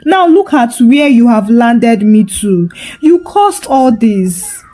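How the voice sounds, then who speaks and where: A woman's voice: on the high side, lively intonation, slow pace, mellow. A woman voicing a panicked young man who cries out in anguish over a curse. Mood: angry. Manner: anguished, crying out. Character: panicked young man, regretful rebellious son.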